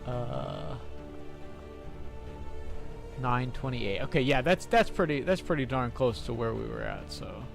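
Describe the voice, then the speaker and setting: A young man streams a game into a desk mic, chatting casually in a gravelly, medium-pitched voice that runs a little slow with long pauses. He rambles, restarts phrases often, and laughs at mishaps, while faint music plays behind him.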